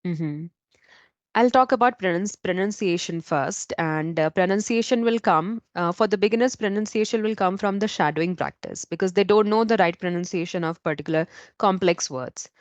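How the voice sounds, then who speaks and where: An English trainer with an Indian accent explains things patiently, often adding "right?" as she teaches and answers interview questions. Her medium-pitched voice moves at a normal pace, recorded without echo but with the highs cut off.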